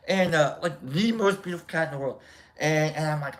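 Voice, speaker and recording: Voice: mid-range voice, a little fast, pushed and bright. A live stream host chatting casually, telling a rambling story and greeting viewers in the chat.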